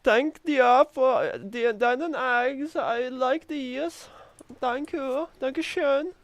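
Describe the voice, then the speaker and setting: A man voicing a jolly German male cook in a high, slow, drawn-out mock-German accent, pleading and polite. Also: no room sound, muffled recording, exaggerated voice.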